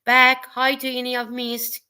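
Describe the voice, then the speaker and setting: A woman's voice: high-pitched, completely flat delivery, unhurried, bright, forceful tone, smooth. A woman co-hosting a casual livestream chat, reading viewers' comments aloud and laughing often.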